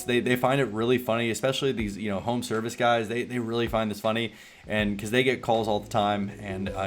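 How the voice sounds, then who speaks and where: A man with a Southern US accent explains sales tactics in a relaxed, rambling, drawling way. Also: medium pitch. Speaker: online business coach. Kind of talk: casual sales tutorial.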